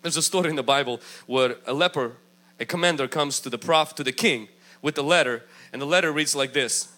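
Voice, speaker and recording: A man's voice: fairly high pitch, fairly quick, bright, forceful tone. A man preaching a sermon with emphatic delivery, acting out the voices he quotes. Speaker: pastor.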